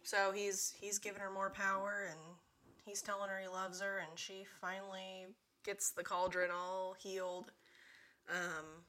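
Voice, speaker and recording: Podcast co-host, woman, slow bright voice, casual recap with fillers. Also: lowish voice. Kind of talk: casual book-club chat.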